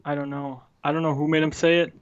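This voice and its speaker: An excitable man co-hosting a podcast, gossiping and spinning theories. His voice sits fairly high. The recording is dry and slightly dull, with little crispness. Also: fast talker, dry recording. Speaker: podcast co-host. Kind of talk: casual chat.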